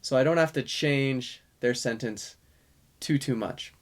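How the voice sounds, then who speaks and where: A man, a speech-language pathologist, calmly explaining a strategy to parents in a course lesson, with fillers and self-corrections. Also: medium pitch, unhurried.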